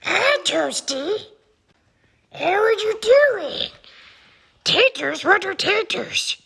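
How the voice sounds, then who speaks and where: A man's voice: extremely high pitch, very animated, extremely slow, gravelly, pushed and bright, a little hiss or hum, pitched above the performer's own voice, exaggerated voice. A man putting on a cooing, sing-song baby-talk voice to talk to his pet dog. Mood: doting.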